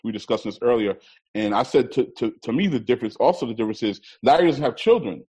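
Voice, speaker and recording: A man co-hosting a casual chat, animated and stammering a little as he gives his take on a show. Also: medium pitch, fast talker, breathy edge, rough recording. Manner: animated, acts out quotes, stammers. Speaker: podcast co-host.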